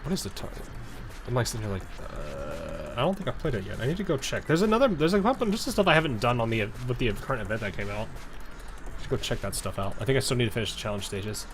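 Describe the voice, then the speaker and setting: A man's voice: mid-range voice, big pitch swings, fast, music in the background. Chatty male game streamer. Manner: rambling, chatty, thinking aloud. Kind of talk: casual gameplay commentary.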